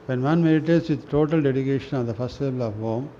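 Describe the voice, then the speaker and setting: Guy reading scripture slow and halting, stumbles on words, faint hiss behind, kinda muffled. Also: medium pitch, dark tone. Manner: halting, restarts words, clears throat. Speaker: reader of a spiritual newsletter. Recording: dull lo-fi recording with faint noise.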